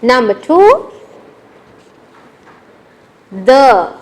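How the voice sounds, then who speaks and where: Woman teacher going real slow, repeats every word, bouncy high voice. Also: very animated. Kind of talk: classroom lesson.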